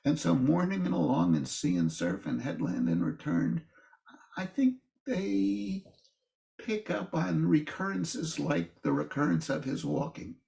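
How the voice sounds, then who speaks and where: An older man with a gravelly, fry-edged voice gives a relaxed classroom talk on a poem. He speaks slowly and halts often, doubling back on his words as he thinks. His voice lifts when he reads lines of verse aloud. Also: roomy sound. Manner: thoughtful, halting, with frequent restarts and "uh"s; livelier and higher when reading verse aloud. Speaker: lecturer teaching a poetry class. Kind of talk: informal classroom lecture.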